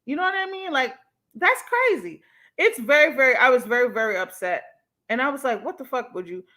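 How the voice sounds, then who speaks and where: A young woman hosts a casual livestream using her home mic, talking a little fast in an animated, emphatic way and swearing freely. Her voice sits a little high, with a bright, sharp ring.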